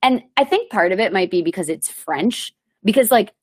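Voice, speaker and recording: A thirty-year-old woman and comedian hosting her podcast, chatting casually with a rambling, self-mocking manner and sudden animated bursts. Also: mid-range voice, moderate pace, slightly rough. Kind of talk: casual solo chat. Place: lives in New York.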